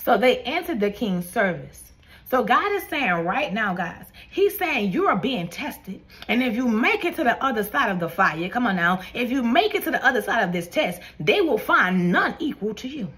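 A woman's voice: on the high side, very animated, moderate pace, fairly bright tone. Fervent woman preaching a prophetic word. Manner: fervent, repeats "come on now" and "baby". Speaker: online prophetic minister.

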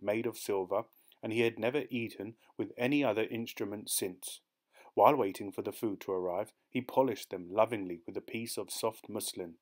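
A man reading a short story aloud as an audiobook narrator, steady and measured. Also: lowish voice.

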